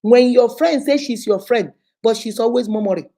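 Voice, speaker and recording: A middle-aged woman with a Nigerian accent gives motivational life advice to camera in an animated, preachy way, acting out the people she quotes. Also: a little high, normal speed, rough recording. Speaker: vlogger giving life advice.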